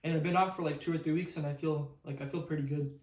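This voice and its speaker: A man's voice: fairly high pitch, steady tone, roomy sound. A young man co-hosting a podcast, chatting casually and rambling with lots of fillers. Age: young adult. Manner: quick, rambling, many fillers. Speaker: podcast co-host. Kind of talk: casual chat.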